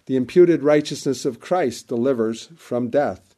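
A man's voice: a little high, measured pace, dark tone. A man preaching a sermon with an emphatic, repetitive cadence, quoting scripture at length.

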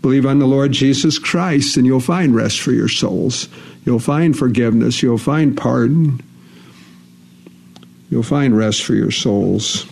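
A man's voice: mid-range voice, unhurried, creaky, a little mellow. A man preaching a sermon, reading scripture verses aloud and repeating key phrases for emphasis.

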